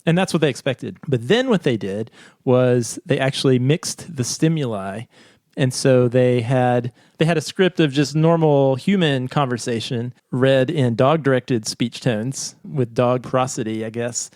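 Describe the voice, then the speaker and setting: A man in casual podcast chat, walking through a study with easy laughs. His pitch sits in the middle, and his voice sounds dry and close to the mic. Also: a little slow, darkish tone, no echo. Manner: chatty, laughs often, reads scripts aloud. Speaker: podcast co-host.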